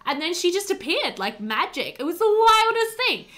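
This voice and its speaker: A woman hosting a casual let's play, chatting excitably to her game characters as she plays. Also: very high-pitched, normal speed. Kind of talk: casual gameplay commentary.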